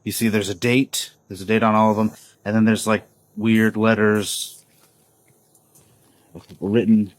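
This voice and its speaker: Rambling low-voiced man. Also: little pitch movement, unhurried, long pauses, no echo, low-quality recording. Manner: rambling, with many fillers and restarts. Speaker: vlogger documenting his inherited house. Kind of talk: casual home video diary.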